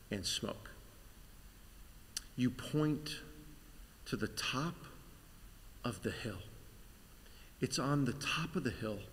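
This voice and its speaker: A man pastor leading a guided Good Friday meditation in slow, vivid second-person storytelling that sinks to whispers. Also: medium pitch, a bit bright, a little hiss or hum. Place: church sanctuary. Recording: long church reverb.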